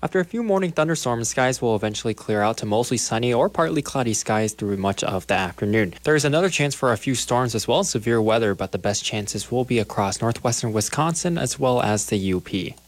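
A man, a meteorologist, delivering a brisk weather forecast. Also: medium pitch, lively intonation. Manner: brisk, informative.

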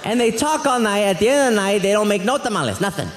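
Animated, exasperated stand-up comedian. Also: male voice, high voice, quick pace, background noise. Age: adult. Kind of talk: live stand-up routine. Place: comedy club stage. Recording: reverberant hall, faint audience.

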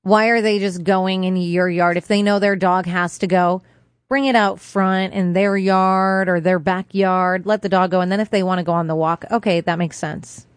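A woman's voice: lowish voice, steady tone, moderate pace, clean tone, no room sound, clean studio sound. A woman co-hosting a morning radio show, giving frank, blunt opinions in casual banter. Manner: frank, gives blunt verdicts.

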